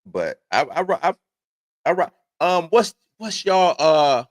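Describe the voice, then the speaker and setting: A man's voice: a little high, very animated, slow, dry recording. Rambling male livestream host, dry sound. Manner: rambling, conversational, reads news aloud then riffs. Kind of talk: casual commentary livestream.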